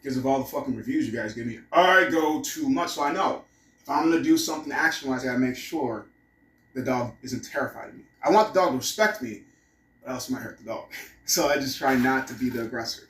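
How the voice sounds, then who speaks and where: A man's voice: medium pitch, fast, fairly bright tone, echoey room, recorded from a distance, poor audio. A man vlogging casually at home, rambling and cursing as he muses aloud. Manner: rambling, profane, musing aloud. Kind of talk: casual vlog monologue. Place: room at home.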